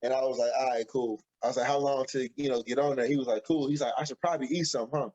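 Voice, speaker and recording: A man, co-hosting a podcast and telling an animated story, acting out the quotes excitedly. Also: mid-range voice, rapid-fire. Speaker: podcast co-host. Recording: dull lo-fi audio.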